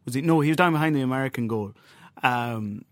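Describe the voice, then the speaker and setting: An Irish man, a journalist guest, telling an animated anecdote in casual chat. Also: medium pitch, fast talker, dry recording. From Ireland.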